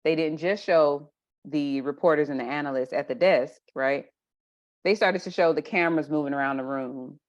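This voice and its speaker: A woman with a low, deep voice and a drawl talks casually as a guest on a couch chat. She tells stories with energy and acts out her own past reactions. The sound is a little dull and muffled. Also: moderate pace. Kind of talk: casual conversation.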